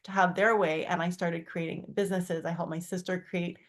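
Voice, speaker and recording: Her tone steady and her pace fairly quick, she tells her story earnestly on the community call. The account wanders with many fillers and false starts, and when she quotes people she performs their lines with sharp pitch leaps.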